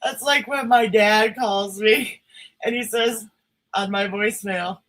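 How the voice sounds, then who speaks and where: Woman, streamer host, casual livestream chat, giggly, laughs a lot, slow unhurried delivery. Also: medium pitch, fairly bright tone, low-quality recording.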